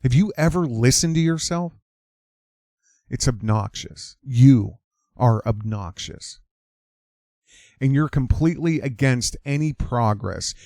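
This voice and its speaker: A man's voice: medium pitch, expressive, slow, long pauses, dark tone, no echo, studio quality. A man hosting an opinionated commentary monologue, emphatic and repeating his lines for effect. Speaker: commentary channel host.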